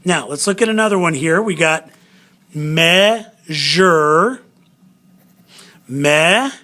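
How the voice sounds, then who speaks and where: A man's voice: high-pitched, fast, pushed and bright. A man teaching a recorded spelling lesson, patiently sounding out syllables and spelling words letter by letter.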